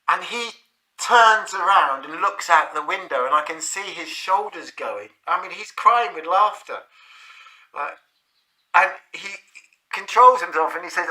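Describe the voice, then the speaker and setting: A man's voice: high-pitched, unhurried, pauses often, sharp tone, rough recording. A man telling a casual anecdote, rambling with fillers and chuckling.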